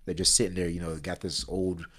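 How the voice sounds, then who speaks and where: A man talking as a podcast guest in a relaxed, casual way, with lots of fillers. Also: sits low, slightly rough. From Sierra Leone. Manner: relaxed, filler-heavy, spells things out slowly. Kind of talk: casual interview talk.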